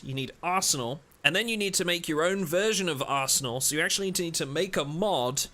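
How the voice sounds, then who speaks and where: A man's voice: mid-range voice, pushed and bright. A man hosting a game live stream, chatting casually and rambling, joking with his viewers and cutting himself off mid-sentence. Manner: rambling, self-interrupting, joking with chat.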